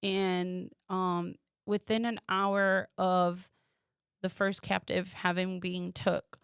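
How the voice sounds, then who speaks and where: Woman telling her story, gravelly edge. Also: takes it slowly, no room sound, clean studio sound. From United States. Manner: animated, quoting others with rising pitch. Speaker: guest. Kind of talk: personal storytelling.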